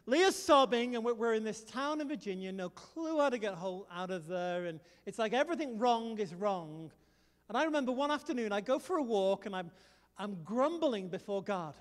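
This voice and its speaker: Brief: middle-aged male preacher, high voice, lively storytelling, big reverberant hall. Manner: animated storytelling, rallying the crowd. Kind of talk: sermon.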